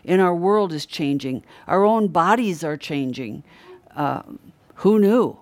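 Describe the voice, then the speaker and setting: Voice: mid-range voice, expressive, takes it slowly, no echo. A middle-aged preacher giving an earnest, conversational sermon and stressing key words by repeating them. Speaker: Christian preacher.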